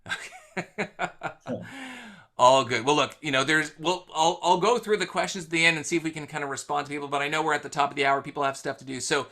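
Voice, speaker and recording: A man with a bright, forceful voice hosts a live online session. He tells stories in a loose, chatty way, with plenty of fillers. The sound comes through a video call mic. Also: a little high, brisk. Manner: animated anecdote-telling with fillers. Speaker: host. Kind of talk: casual webinar storytelling.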